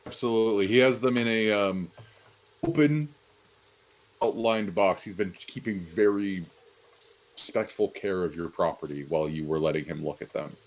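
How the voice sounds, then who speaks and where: A man's voice: sits low, moderate pace. A man narrating as game master of a tabletop game, hesitant with many fillers.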